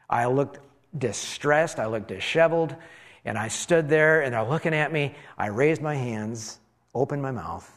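A preacher telling a dramatic first-person sermon as an elderly priest who talks with exclamations and wry asides about himself. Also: male voice, mid-range voice, big-room sound, natural voice. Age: older. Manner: animated, exclaiming, self-deprecating asides. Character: elderly male priest, amazed and rueful.

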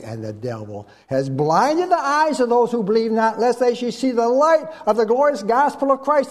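Man preaching with big swings in pitch. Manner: dynamic preaching, swinging from loud high emphasis to hushed low tones; asks the congregation to fill in words. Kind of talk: sermon.

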